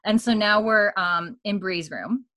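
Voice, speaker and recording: A woman's voice: mid-range voice, a little slow, bright, forceful tone, dry recording, studio quality. A woman co-hosting a podcast, chattily retelling a television episode scene by scene, with lots of "like" and small laughs. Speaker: podcast co-host. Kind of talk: casual episode recap chat.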